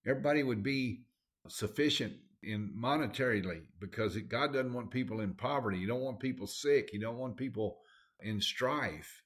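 A man's voice: medium pitch, moderate pace. A man with a Southern accent preaching a sermon, folksy and emphatic, with plain everyday grammar.

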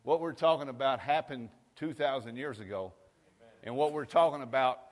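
A pastor preaching a sermon, calling for amens and swinging between booming and hushed delivery. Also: male voice, moderate pace. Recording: long hall reverb.

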